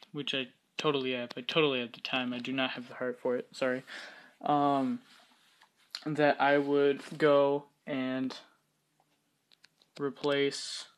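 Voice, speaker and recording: A man with a bright, forward voice talks through a building tutorial in a relaxed, unhurried way. He hesitates often and fills the gaps with ums. He pokes gentle fun at himself as he goes. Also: a little high, slight background noise. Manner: hesitant, filler-heavy, self-mocking. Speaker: Minecraft building tutorial host. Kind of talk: casual screen-recorded tutorial commentary.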